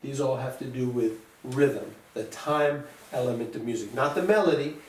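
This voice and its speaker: A man's voice: mid-range voice, normal speed. A man teaching a music lesson, patiently counting beats aloud and sounding out rhythms for his students. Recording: echoey room, voice from a distance, faint noise.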